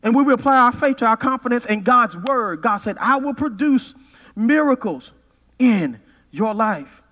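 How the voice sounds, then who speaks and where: A pastor in his forties preaching a sermon, swinging from loud peaks to quiet asides. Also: very high-pitched, expressive, moderate pace. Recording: reverberant hall.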